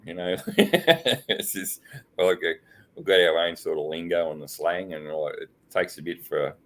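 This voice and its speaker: A man's voice: low voice, unhurried, a bit bright. An Australian man hosting a casual live-stream chat, rambling with lots of fillers and frequent laughs. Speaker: host.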